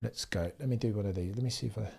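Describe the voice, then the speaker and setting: A man's voice: fairly low pitch, rapid-fire, gravelly, a little mellow, slightly rough. A man with a mild Birmingham accent hosting a casual live watchalong, chatting with viewers, reading their comments aloud and adding wry asides. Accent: Birmingham (Brummie), mild. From England, Birmingham area. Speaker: livestream host.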